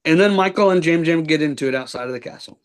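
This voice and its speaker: Chatty podcast host man, slightly high. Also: fast talker. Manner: rambling play-by-play recap with many ums and likes. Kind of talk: casual recap chat.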